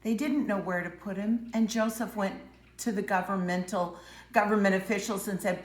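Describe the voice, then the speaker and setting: A woman teaching preschoolers, telling a Bible story with dramatic voices and hushed moments. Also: mid-range voice, moderate pace, echoey room. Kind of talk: Bible story lesson for young children.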